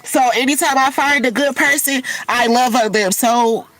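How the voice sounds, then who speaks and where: This livestream host has been crying and sounds sniffly as she talks candidly and emotionally, addressing everyone as y'all. She speaks at a moderate pace in a high, fairly bright voice, over slight background noise on a low-quality recording.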